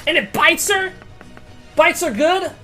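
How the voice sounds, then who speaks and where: A woman narrating a tabletop game as game master, excitable and quick to swear. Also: extremely high pitch, soft background music. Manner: excitable, swears often, bursts of loud reactions.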